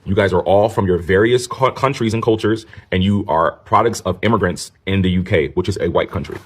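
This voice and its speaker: Deep, husky American man ranting. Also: brisk. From United States. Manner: blunt, dismissive. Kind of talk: commentary video.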